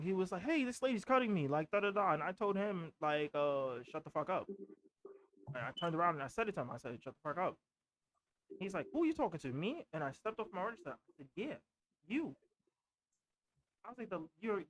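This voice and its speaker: A man's voice: sits high, a bit bright, poor audio. A young man co-hosting a podcast, telling a story in loose casual chat and acting out what people said. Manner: loose storytelling, acts out quotes. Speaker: podcast co-host.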